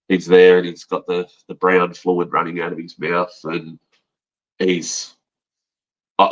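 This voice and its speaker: A man's voice: low voice, a bit bright, lo-fi sound. An Australian man telling his own story on a podcast in a frank, rambling way, swearing and calling the listener mate. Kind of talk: casual storytelling.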